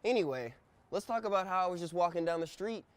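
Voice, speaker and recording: Brief: American guy in his thirties, quick and high-ish, swears a lot, animated vlog host. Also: clear, resonant tone, dry recording. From United States. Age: 30s. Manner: animated, profane storytelling. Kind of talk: casual travel vlog.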